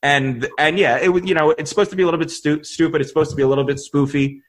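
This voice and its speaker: A man's voice: fairly high pitch, fairly even intonation, rapid-fire. A man co-hosting a podcast in casual chat, rambling and restarting his sentences, laughing often. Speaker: podcast co-host.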